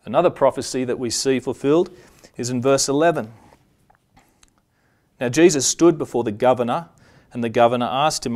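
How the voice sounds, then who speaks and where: A man preaching a sermon, reading scripture passages aloud in a measured way and slowing down on the solemn lines. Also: mid-range voice, darkish tone.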